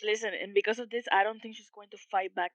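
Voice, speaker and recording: A woman on a podcast speaks calmly and thoughtfully in casual chat. The sound is dry, with no echo. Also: medium pitch, fast talker, highs cut off. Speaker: podcast co-host.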